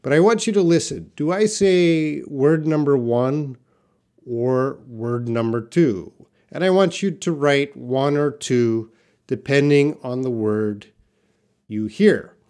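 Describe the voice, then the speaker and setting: A Canadian man with a Canadian accent teaches English pronunciation in a live stream, answering viewers by name. His voice is medium in pitch, slow and somewhat dark, and he explains things patiently while addressing chat members directly.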